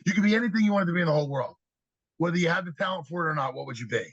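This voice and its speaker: A man guest on a podcast, telling lively stories about kids and acting out their replies in an energetic, conversational way. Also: on the high side, rapid-fire, dry recording, highs cut off. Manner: animated storyteller, acts out kids' answers. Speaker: podcast guest, youth speaker. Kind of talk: storytelling interview talk.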